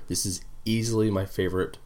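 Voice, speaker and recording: A man's voice: deep voice, fairly even intonation, fairly quick, darkish tone. A man co-hosting a casual review chat, rambling with lots of fillers and the odd swear. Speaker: podcast co-host.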